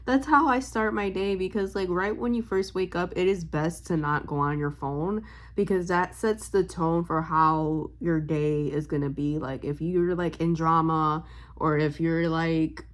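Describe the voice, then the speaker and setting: Young woman vlogger, slightly low voice, rambling storytime chat full of fillers. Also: steady tone, a little slow. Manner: rambling, heavy on fillers, loses her train of thought; emotional and upbeat, smiling while talking. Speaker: vlogger and spiritual reader.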